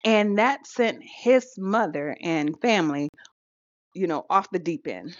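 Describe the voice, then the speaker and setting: A woman co-hosts a podcast in easygoing chat, full of laughter and hesitant fillers. She speaks in a lowish, expressive voice without hurrying, and there's no room sound. The recording is dull and lo-fi.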